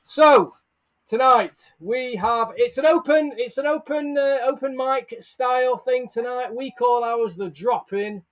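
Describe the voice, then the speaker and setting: Speaking unhurriedly and with few pauses, a very high-pitched man runs a laid-back live stream. He's cheerful, welcomes viewers by name and laughs a lot, picked up on a headset or earbuds plus a desk microphone.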